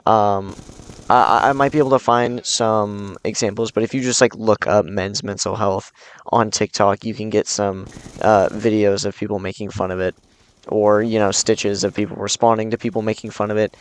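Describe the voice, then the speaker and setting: A man with a somewhat low voice gives casual, earnest commentary straight to his audience. He often stumbles over words, repeats himself and fills pauses with uh and um. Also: level tone, clear, resonant tone. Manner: earnest, with frequent fillers and restarts. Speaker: video commentator.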